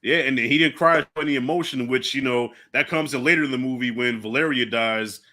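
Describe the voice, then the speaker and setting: A man hosting a casual movie review chat, loose and animated, laughing often and swearing casually. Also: mid-range voice, a little fast. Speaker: host.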